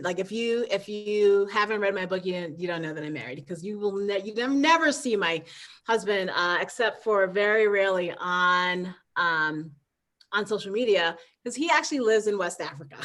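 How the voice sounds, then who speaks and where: A woman from the United States talks casually as a guest in an interview. She rambles, restarts her sentences often and breaks into easy laughter, at a middle pitch. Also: a bit bright. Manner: rambling with many restarts and fillers, laughs easily. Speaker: guest, trail runner and author.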